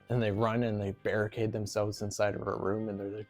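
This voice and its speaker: A man's voice: lowish voice, flat delivery, brisk, hardly any pauses, a little mellow, faint music behind. A man casually recapping a movie plot, rambling with lots of "like" and frequent laughs. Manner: rambling, fills with "like", laughs often. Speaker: movie reviewer.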